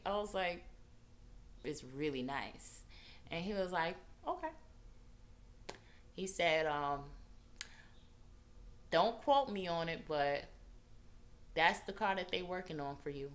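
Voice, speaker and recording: A woman vlogger casually telling a personal story, animated and acting out the people she quotes. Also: takes it slowly, pauses often. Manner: animated, acts out quotes with big pitch jumps.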